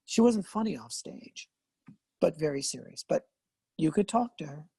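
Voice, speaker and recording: An older man, a veteran actor and voice artist, telling animated stories in a casual interview, laughing and acting out what people said. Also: fairly high pitch, moderate pace, gravelly, slightly rough, no echo. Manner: animated, laughing, acts out quoted lines.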